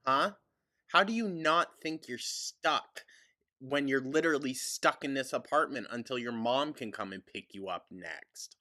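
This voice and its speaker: A man's voice: mid-range voice, a little slow, pushed and bright. A man hosting a mocking reaction commentary, sarcastic and snarky, often breaking into laughter. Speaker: commentary host.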